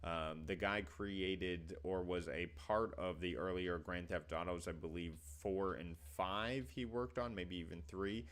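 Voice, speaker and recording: Deep-voiced man, upbeat game chat. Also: fairly even intonation, unhurried, few pauses, fairly bright tone. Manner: upbeat, easygoing enthusiasm. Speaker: co-host. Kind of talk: casual game-reaction chat.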